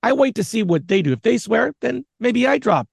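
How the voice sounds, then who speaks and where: A man's voice: very high-pitched, sing-song, fairly quick, creaky, breathy edge, no echo, clean studio sound. A man in his forties co-hosting a podcast, teasing his co-host in casual banter and laughing easily. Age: 40s.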